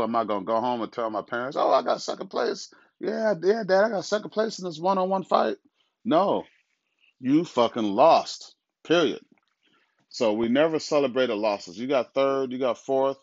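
A middle-aged man talks in a blunt, profane, mocking way, often laughing at his own jokes. His voice sits low. The recording is dry and dull, like lo-fi audio. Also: dry recording. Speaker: parent of a pro athlete, talk host. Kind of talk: casual opinion monologue.

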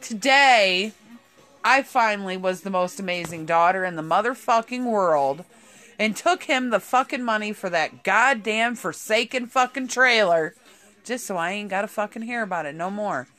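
A woman's voice: mid-range voice, normal speed, fairly bright tone, faint music behind. A woman, telling a rambling story in casual chat, swearing constantly and laughing often. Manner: profane, rambling, laughs a lot.

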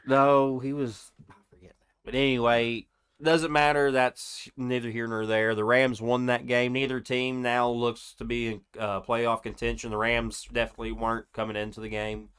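Male sports podcast co-host, mid-pitched, casual and meandering, argues by asking questions. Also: flat delivery, normal speed, fairly bright tone, clear, resonant tone.

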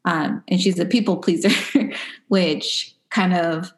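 Speaking slowly in a steady tone with a fairly low pitch, this mother shares parenting experiences conversationally. She's in her thirties, mixes in bits of Spanish, and is recorded in an echoey space.

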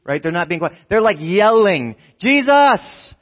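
A man preaching in a relaxed, conversational way, often tossing in "right?" as he talks. His voice sits a little high and runs from hushed to near shouting. The recording sounds somewhat dull and lo-fi. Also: moderate pace. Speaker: pastor. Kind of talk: conversational sermon.

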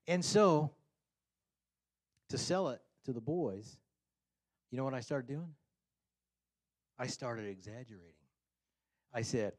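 Guy doing a jokey laid-back sermon, keeps chuckling and jumping way up in pitch for quotes. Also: unhurried, pauses often. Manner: jokey, animated storytelling, acts out quotes with sudden pitch jumps; chuckles often.

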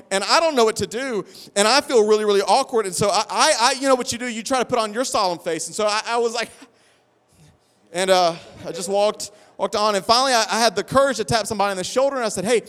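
A man preaching a sermon, telling a funny, self-deprecating story in an animated way. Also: very high voice, clean tone. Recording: long hall reverb.

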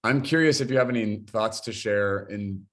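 Curious low-voiced male podcast host. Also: normal speed. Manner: curious, probing, many "like" fillers. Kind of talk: casual interview chat.

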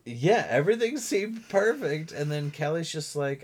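A man in casual podcast chat, animated, laughing often and mimicking people in a lower voice. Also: moderate pace. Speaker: podcast co-host. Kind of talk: casual chat recapping a reality show.

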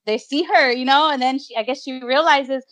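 A high-pitched woman co-hosting a casual podcast. She tells loose, funny stories and laughs often as she talks. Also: a little fast, fairly bright tone. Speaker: podcast co-host. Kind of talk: casual chat.

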